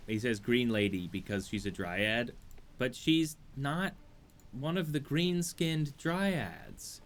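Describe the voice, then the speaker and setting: A man's voice: mid-range voice, lively intonation, slow pace. A man streaming a video game, giving rambling, wry commentary that easily drifts off topic. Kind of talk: let's play commentary.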